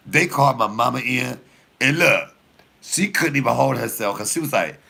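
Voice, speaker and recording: Brisk and medium-pitched, his voice sounds creaky and slightly rough. He's a comedian who laughs his way through casual, profane anecdotes, animatedly speaking right to the people watching.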